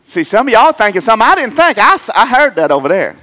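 Middle-aged male pastor, bright, high voice with a wide swinging range, joking sermon delivery. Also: quick pace. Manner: animated, joking, swings between loud emphatic and low asides. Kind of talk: humorous sermon.

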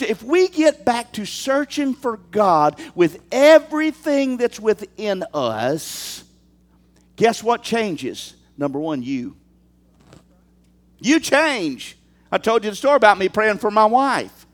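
Male pastor, high voice with lots of swing, animated sermon delivery with calls to the church. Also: takes it slowly. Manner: animated preaching, rhetorical questions to the congregation.

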